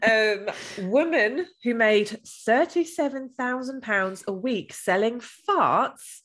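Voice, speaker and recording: A woman's voice: a little high, slow, fairly bright tone. A woman co-hosting a podcast, chatting casually and crudely with bursts of giggling. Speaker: podcast co-host.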